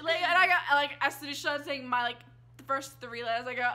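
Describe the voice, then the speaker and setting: A young woman vlogger telling stories in casual chat from a hotel room, excitable and giggly, acting out what people said. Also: high voice, fairly quick. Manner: excitable, giggly, acts out quotes.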